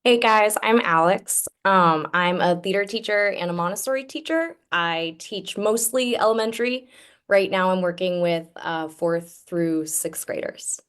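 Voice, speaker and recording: Smooth-voiced casual woman teacher. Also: lowish voice, a little slow, a bit bright. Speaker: theater and Montessori teacher. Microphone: video call.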